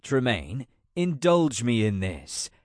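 A man's voice: mid-range voice, sing-song, slow, no room sound, studio quality. A man voicing a casual, eager king in an audiobook, brushing off his aide's worries. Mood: breezy. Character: breezy, restless male king sneaking off.

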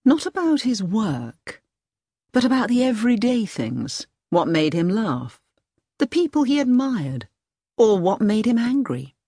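A woman voicing a weary male security official in an audiobook reading, measured and level. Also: on the high side, very animated, mellow, husky, dry recording, clean studio sound, pitched above the performer's own voice, heavily acted.

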